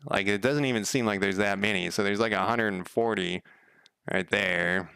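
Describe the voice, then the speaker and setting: A man's voice: fairly low pitch, moderate pace, creaky, sharp tone, clear, resonant tone, no room sound. A man live-streaming while he codes a game, chatting casually in a rambling, profane way and counting under his breath. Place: home room.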